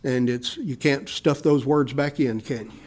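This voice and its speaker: A middle-aged man preaching a sermon, animated, acting out the people he quotes. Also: measured pace. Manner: animated preaching, voicing quoted people with rises in pitch and volume. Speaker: pastor.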